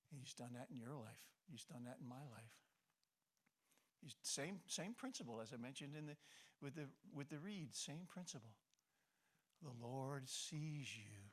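A middle-aged man preaching a sermon, swinging between loud emphasis and soft, hushed passages, often restarting and repeating phrases. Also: mid-range voice, a little slow, long pauses. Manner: impassioned, rising to emphasis then dropping soft. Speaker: pastor.

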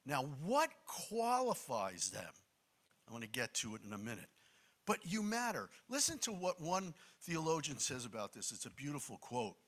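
A man's voice: medium pitch, huge pitch swings, normal speed, fairly bright tone. A man preaching a sermon in an emphatic, conversational way, with asides to the congregation.

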